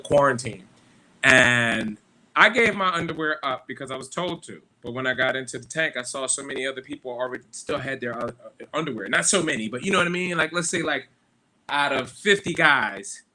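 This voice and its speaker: A man with a bright, forceful voice hosting a live stream. He talks casually and loosely, with plenty of fillers and swearing, drifting from one story to the next. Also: mid-range voice. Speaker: podcast host.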